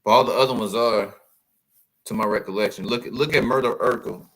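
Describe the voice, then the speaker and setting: Animated man reacting to photos. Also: on the low side, fairly quick, rough recording. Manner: animated, exclaiming, addresses viewers as y'all. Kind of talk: casual reaction commentary.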